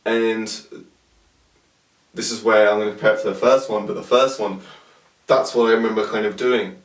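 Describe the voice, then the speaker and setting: A man's voice: fairly low pitch, level tone, moderate pace. A young man casually reflecting to camera, rambling and searching for words. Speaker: vlogger. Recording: roomy sound from a distant mic.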